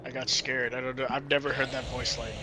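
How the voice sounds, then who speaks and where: A young man chatting casually while gaming, telling stories excitably. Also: medium pitch, fast talker, heavy background noise. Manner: excitable, laughing storyteller.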